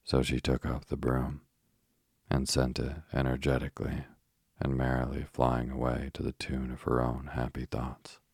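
Very deep gravelly male storyteller. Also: completely flat delivery, normal speed, darkish tone, no room sound, studio quality. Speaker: audiobook narrator. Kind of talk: scripted storybook narration.

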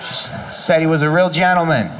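A man doing a stand-up comedy set, telling deadpan one-liners and slipping into mock voices. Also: on the high side, a little fast, recorded from a distance, noisy background. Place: comedy club stage.

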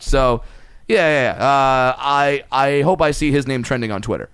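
A man casually telling a profane, animated story in a podcast chat, getting louder and higher as it builds. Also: normal speed, smooth, dry recording.

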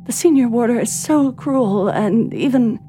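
Audiobook: reader doing anxious young heroine, stammering, emotional, music bed. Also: female voice, a little high, expressive, voice pushed up. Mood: distressed. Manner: halting, emotional, pleading. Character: young woman, anxious and overwrought. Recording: soft music bed under reading.

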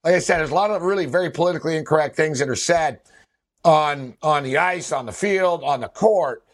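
A man co-hosting a casual sports talk show, with a slightly raised pitch. He rambles through his points, leaning on fillers and laughing often. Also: brisk. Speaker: sports podcast co-host.

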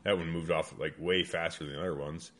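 A man's voice: low voice, fast. A man casually telling a rambling hunting story with lots of swearing. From American Midwest. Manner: animated, heavy swearing, rambling. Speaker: guest hunter.

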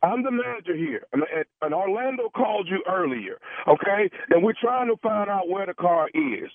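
A man on a prank phone call, posing as a valet manager, stammering and trying to calm the other person down. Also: high-pitched, normal speed, dry recording. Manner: stammering, placating, keeps saying hold on. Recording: tinny phone line.

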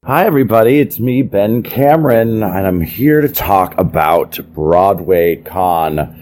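A man's voice: fairly low pitch, animated, measured pace, darkish tone. A man, an actor and host, enthusiastically talking up an event in a promo spot.

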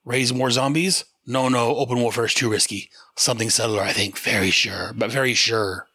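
A man voicing a sinister, scheming cult leader in a lowered voice. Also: steady tone, normal speed, bright, forceful tone, slightly rough, no room sound.

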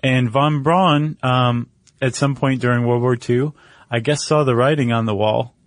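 A man's voice: mid-range voice, fairly even intonation, unhurried, no echo, studio quality. A man co-hosting a casual podcast chat, joking and loose, with plenty of fillers. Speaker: podcast co-host.

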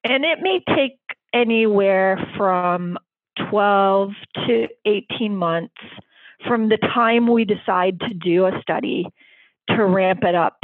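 Woman researcher on a phone line, eager and chatty, mid pitch. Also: dry recording. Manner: eager, animated, quick to laugh. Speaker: vaccine researcher. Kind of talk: interview answers.

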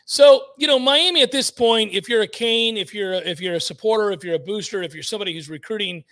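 A man's voice: high voice, fast, a bit bright. A man hosting sports talk radio, blunt and emphatic, repeating points for effect.

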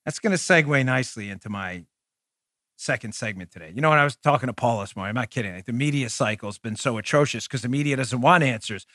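A man hosting his own show, talking in a combative, emphatic opinion monologue and slowing down hard on his punchlines. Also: mid-range voice, pushed and bright, no echo, studio quality. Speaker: podcast host.

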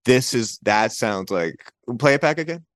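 A man's voice: mid-range voice, animated, measured pace, background noise. A man appearing as a comedian guest on a podcast, riffing absurdly and laughing often. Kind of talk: casual comedic chat.

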